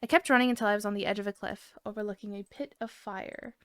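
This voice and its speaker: A woman's voice: mid-range voice, steady tone, fast talker, smooth, dry recording, studio quality. A young woman co-hosting a podcast, reading a scary online story aloud, giggling and restarting lines as she goes.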